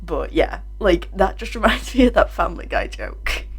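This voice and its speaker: A woman's voice: fairly low pitch, big pitch swings, normal speed, slightly rough, faint music behind. A woman hosting a reaction video, chatting casually and making self-deprecating asides.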